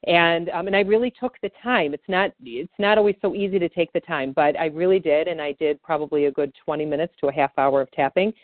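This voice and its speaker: A woman's voice: low voice, fairly quick, hardly any pauses, no room sound. A woman practitioner guiding a tapping session and chatting easily, with lots of fillers. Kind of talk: guided tapping and casual chat. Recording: tinny phone-like call audio.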